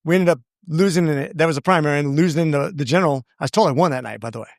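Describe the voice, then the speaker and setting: A man's voice: a little high, very fast, dry recording, clean studio sound. A man being interviewed as a congressman, telling his story in an earnest, rambling way with many restarts. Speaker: congressman guest.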